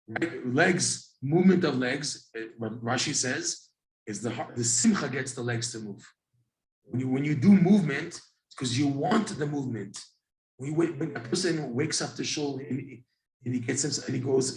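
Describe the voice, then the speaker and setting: A man teaching a Torah class to a small group, animated and telling stories with acted-out asides. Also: medium pitch, reverberant, low-quality recording. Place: classroom with a few listeners.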